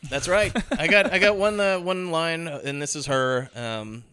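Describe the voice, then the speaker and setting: Bright, animated man chatting movies. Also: fairly high pitch, a little slow, clear, resonant tone. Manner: laughing, animated, acts out movie lines. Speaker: podcast co-host. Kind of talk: casual movie podcast chat.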